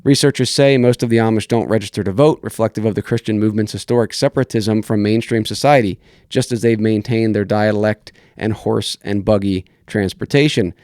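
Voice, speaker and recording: A man with a lowish, somewhat dark, clean voice hosts a political commentary podcast, recorded in studio quality with no room sound. He reads news articles aloud and critiques them bluntly and searchingly, restarting his sentences often.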